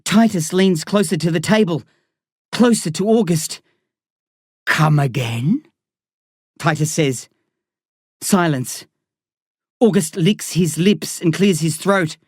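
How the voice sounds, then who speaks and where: A woman reading a first-person story as an audiobook narrator, in a slow, tense, dramatic way. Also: lowish voice, darkish tone, no room sound, clean studio sound.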